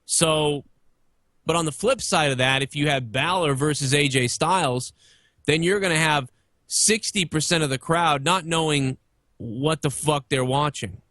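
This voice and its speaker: A man's voice: a little high, unhurried, a bit bright, no room sound. Opinionated man in a dry room. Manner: opinionated, rambling, swears freely. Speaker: podcast guest. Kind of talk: casual wrestling talk.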